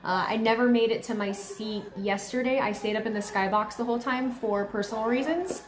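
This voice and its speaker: A woman hosting a live watchalong stream, talking casually and rambling with lots of fillers, her voice a bit hoarse. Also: fairly high pitch, brisk, roomy sound. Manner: chatty, rambling, heavy use of "like". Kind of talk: live casual reaction chat.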